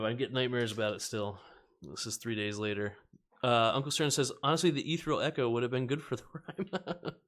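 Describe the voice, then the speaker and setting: A man hosting a casual stream, chatting, laughing often and reading cards and viewer comments aloud. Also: mid-range voice. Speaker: host of a card-opening stream. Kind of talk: casual chat while opening card packs.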